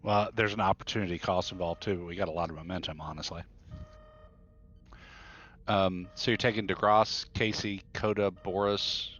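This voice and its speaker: A man's voice: sits low, steady tone, moderate pace, a bit bright. A man playing a tabletop game, talking in a matter-of-fact, dry way. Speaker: player. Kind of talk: casual tabletop game talk. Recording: muffled lo-fi recording.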